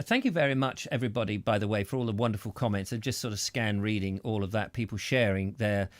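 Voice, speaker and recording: Rambling host, dry close sound. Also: male voice, medium pitch, no echo. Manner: rambling, hesitant, with many fillers and restarts. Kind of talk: casual chat.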